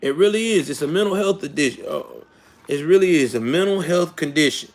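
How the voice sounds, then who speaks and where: A man in his late thirties hosting a live commentary show, speaking in a somewhat high voice. He rants in casual, slangy talk straight to his viewers, often rising into indignant outbursts. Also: animated, fairly quick. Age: late 30s.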